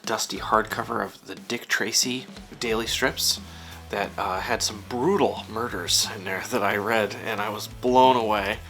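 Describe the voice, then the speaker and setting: A man in his thirties who writes and draws comics answers interview questions from his home studio, his medium-pitched voice pushed and bright. He rambles and puts himself down, using lots of fillers.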